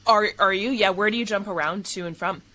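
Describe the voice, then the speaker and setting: Bright, bubbly West Coast Canadian woman host. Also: mid-range voice, a little fast. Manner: enthusiastic, effusive, laughs often. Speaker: podcast host. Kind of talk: podcast intro and interview chat.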